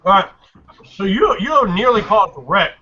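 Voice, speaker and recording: Bright-voiced man running a tabletop game. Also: high voice, expressive. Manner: halting, many fillers and restarts while describing scenes. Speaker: game master. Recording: dull lo-fi recording, faint noise.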